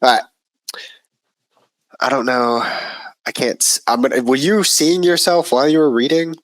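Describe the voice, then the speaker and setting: A man's voice: mid-range voice, normal speed, no room sound. A man with a stuffy voice from a cold, chatting casually and reading a story aloud with a laid-back manner. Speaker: podcast co-host.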